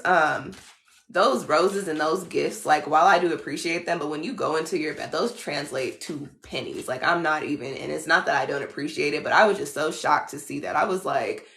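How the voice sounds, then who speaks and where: A woman's voice: sits low, vocal fry, a bit bright, echoey room. A woman tarot reader talking in a casual, blunt, slangy way on a livestream.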